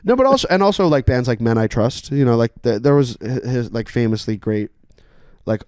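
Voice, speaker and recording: A man's voice: mid-range voice, expressive, a little fast, darkish tone, dry recording, studio quality. A young man from Canada, a musician guest chatting casually on a podcast, rambling with lots of fillers and swearing.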